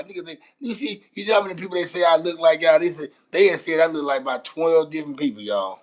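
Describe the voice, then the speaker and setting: A man's voice: mid-range voice, animated, quick pace, few pauses. A man with a Los Angeles accent hosting a casual live-stream chat, teasing his viewers in brash, profane banter. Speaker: host.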